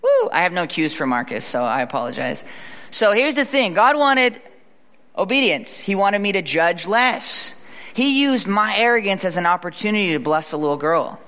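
Animated preacher man in a big echoey hall. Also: high voice, moderate pace. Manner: animated, conversational, acts out quotes. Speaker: pastor. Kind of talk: sermon with storytelling. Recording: reverberant hall.

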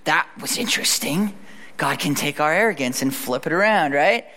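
A man preaching a sermon in a conversational, animated way, acting out the lines he quotes. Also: a little high, moderate pace. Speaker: pastor. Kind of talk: sermon with storytelling. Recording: reverberant hall.

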